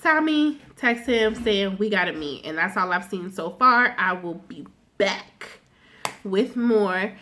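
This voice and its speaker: A woman's voice: medium pitch, slow pace, a little hiss or hum. A woman vlogger recapping a TV episode in casual, slang-heavy talk, acting out what the characters say. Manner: animated retelling, acting out characters' lines.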